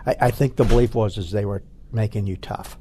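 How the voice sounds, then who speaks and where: An older man, a former Marine recruit, recalling boot camp in an interview with halting speech and many restarts. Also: fairly low pitch, steady tone, dark tone, slight background noise. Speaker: Marine Corps veteran interviewee. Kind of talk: oral history interview.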